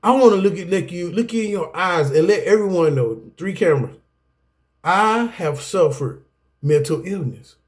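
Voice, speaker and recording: A man teaches to the camera, and his voice sits high and swoops up and down. He talks in a preaching rhythm, calls the viewers y'all, and keeps dissolving into laughter and restarting his sentences. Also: animated, normal speed. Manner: laughs often, breaks off mid-sentence, repeats himself. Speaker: self-help video teacher. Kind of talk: preachy talk to camera about anger.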